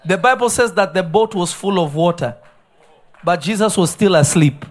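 A man preaching a live sermon in a church, animated and laughing often, dropping to hushed asides and rising to shouted emphasis. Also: high-pitched, moderate pace. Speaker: pastor. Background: faint congregation responses.

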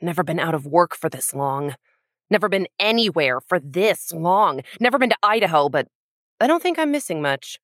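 A woman's voice: lowish voice, big pitch swings, moderate pace, fairly bright tone, no echo. A woman playing a bored, sardonic female knife-thrower in an improvised tabletop role-play. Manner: dry and sardonic.

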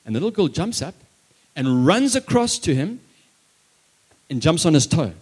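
A male preacher with a voice pitched a touch above the usual, delivering a sermon with story-telling. He swings from loud, emphatic declarations to quiet, hushed phrases. He drops into chatty asides to his listeners. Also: very animated, normal speed, breathy edge. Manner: conversational asides to the congregation.

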